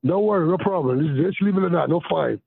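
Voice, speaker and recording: Gravelly animated man on a phone line. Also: a little high, fast talker, dry recording. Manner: animated, swears, acts out loud quotes. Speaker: interview guest, retired baseball pitcher. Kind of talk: casual storytelling on a podcast. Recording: tinny phone-line sound.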